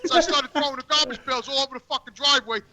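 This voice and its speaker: A man's voice: very high voice, very fast, crowd noise. A man telling a crude comic story outdoors, profane and stammering over his words. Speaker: guest calling in. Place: outdoors on a work job.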